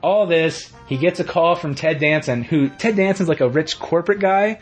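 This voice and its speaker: Podcast co-host, male, husky and fairly high-pitched, loose rambling storyteller, with faint music underneath. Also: brisk. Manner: rambling, animated retelling with quoted voices. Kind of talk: casual chat, retelling a TV episode.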